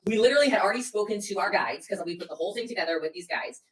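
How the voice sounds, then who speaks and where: A woman telling a dramatic story in a lively, animated way, acting out quotes and breaking into loud, swearing outbursts. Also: medium pitch, very fast, far from the mic. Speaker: business leader telling a story. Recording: roomy echo, a little off mic.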